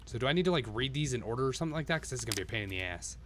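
A man's voice: medium pitch, animated, very fast, hardly any pauses, fairly bright tone, a little hiss or hum. A man streaming himself playing a game, swearing constantly and talking to himself as he goes. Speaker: live streamer. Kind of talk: live-stream gameplay commentary.

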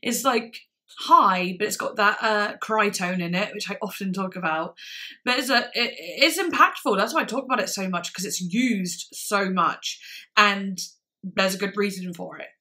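A young woman with a bright, forceful voice reacts to songs in a loose, chatty way. She gushes and gets emotional, and her talk is full of filler words. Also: medium pitch, moderate pace. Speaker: music reaction vlogger. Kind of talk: casual reaction commentary.

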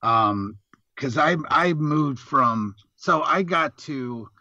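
A man's voice: medium pitch, lively intonation, slow, pushed and bright, dry recording, lo-fi sound. A middle-aged man, a Marine veteran guest, telling rambling, profane stories in casual chat.

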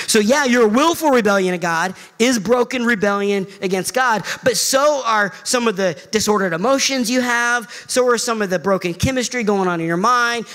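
A middle-aged male pastor preaching a sermon, animated and emphatic. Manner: animated preaching, pitch swings high for emphasis.

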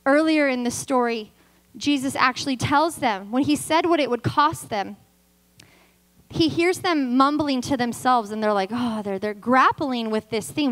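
This roughly recorded clip comes from a church service, where a guest preacher shares her own story. She's a woman in her thirties from California with a high-pitched voice and a measured pace, and she's a lively storyteller who acts out the dialogue.

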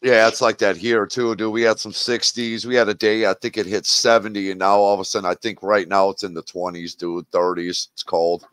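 Low-voiced man from Wisconsin, dry sound. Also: flat delivery, fairly quick, few pauses, fairly bright tone, smooth, dry recording. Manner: blunt, profane, mocking. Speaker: livestream host. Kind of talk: casual livestream chat.

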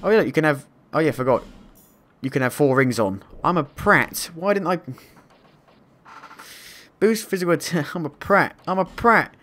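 A man commentating a game playthrough, excitable and swearing, quick to panic and laugh at himself. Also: a little high. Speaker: gameplay commentator. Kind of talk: let's play commentary.

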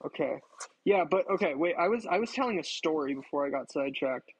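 Talking fast and animatedly, a man with a voice on the high side and a breathy edge chats with his livestream audience as he cooks at home. He swears casually and pokes fun at himself, all captured on a low-quality recording.

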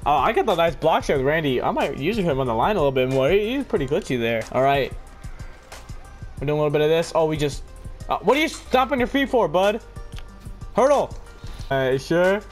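A young man narrates his own football game in a high, wildly swinging voice. He mutters low, then bursts into shouts and laughter. Game music plays faintly underneath. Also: very animated, fairly quick, pauses often. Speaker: gaming video host. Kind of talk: excited gameplay commentary.

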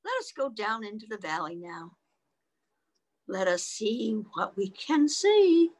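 A woman's voice: mid-range voice, very animated, slow, a little mellow. Woman doing a crafty, cawing storybook crow. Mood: calm, leading. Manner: commanding, cawing. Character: clever crafty wise male crow.

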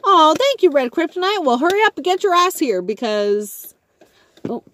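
Excitable swearing woman live-streaming from a car. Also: extremely high pitch, normal speed. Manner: excitable, jokey, swears, laughs often. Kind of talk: casual live-stream chat. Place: inside a parked car at night, in the rain. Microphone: phone held in hand.

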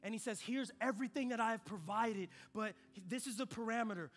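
A young adult man delivers a sermon in a notably high, bright voice. He tells stories with a lively animated sweep, sinking to hushed, reflective moments before climbing back up with energy. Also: a little fast, soft background music. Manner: animated storytelling with shifts between quiet and loud. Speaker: pastor.

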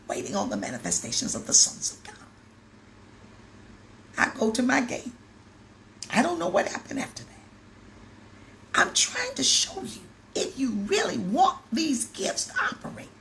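A woman bishop preaching, telling a story with acted-out dialogue and building to loud exclamations. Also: sits high, moderate pace, gravelly, pauses often, slight background noise. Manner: animated storytelling, acts out dialogue, rises to exclamations. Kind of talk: sermon with storytelling.

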